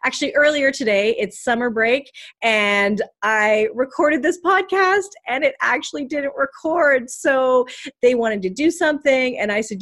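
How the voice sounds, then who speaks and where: Earnest woman parent coach, higher voice. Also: unhurried, fairly bright tone. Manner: earnest coaching tone, frequent rhetorical "right?". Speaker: parent coach and podcast host. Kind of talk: podcast monologue. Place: home office.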